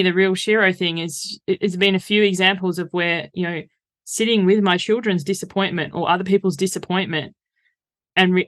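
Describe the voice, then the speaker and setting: A woman's voice: fairly low pitch, a bit bright. Straight-talking woman coach. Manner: straight-talking, laughs while telling stories. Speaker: guest, author and coach. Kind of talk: casual conversational interview.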